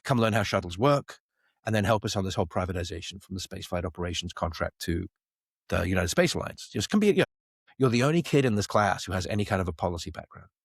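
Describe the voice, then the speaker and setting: Fast-talking middle-aged guy from the isle of man, low voice, dry close sound, tells stories and does the voices. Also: breathy edge, no room sound. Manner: animated storyteller, acts out quoted dialogue. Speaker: guest, space company CEO. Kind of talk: podcast interview.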